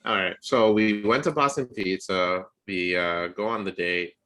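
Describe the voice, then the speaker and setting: A young man co-hosting a podcast, telling a dating story in a casual, animated way and acting out the quotes with a jumping voice. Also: a little slow. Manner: animated storyteller, acts out quotes with rising pitch. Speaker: podcast co-host.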